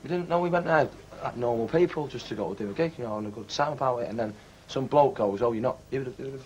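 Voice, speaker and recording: A man's voice: medium pitch, fast talker, darkish tone, slight background noise, rough recording. A man being interviewed as a musician, bantering in a cocky, slangy way and cutting in on others. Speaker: musician guest. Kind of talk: casual interview chat.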